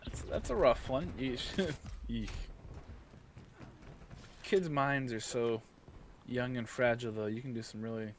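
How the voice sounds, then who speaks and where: A man's voice: medium pitch, moderate pace, slight background noise. A man co-hosting a gaming morning show, bantering playfully in casual chat.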